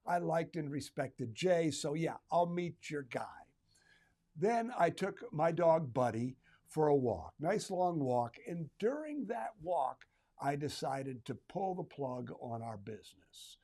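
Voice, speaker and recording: A middle-aged man with a slightly high-pitched voice tells a story from his own retail career. He speaks conversationally, adding humorous asides as he goes. His tone is that of a trainer offering a lesson to fellow retailers. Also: lively intonation, slow pace, warm tone. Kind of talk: personal story told to retailers.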